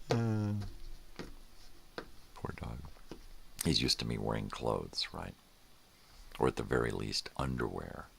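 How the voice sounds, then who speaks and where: A man's voice: a bass voice, vocal fry, fairly bright tone, husky. An older man hosting a casual morning livestream, rambling in a laid-back way and drifting off into mumbles. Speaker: host.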